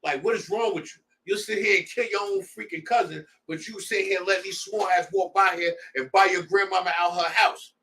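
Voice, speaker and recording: A man's voice: sits high, steady tone, brisk, few pauses, sharp tone, recorded from a distance. A man leading a scripture class, preaching in a heated, blunt way with street slang. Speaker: class leader.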